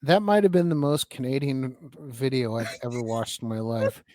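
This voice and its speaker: A man's voice: mid-range voice, normal speed, a little mellow, no echo. A man co-hosting a podcast, chatting loosely and restarting his sentences. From northern United States. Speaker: podcast co-host. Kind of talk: casual chat.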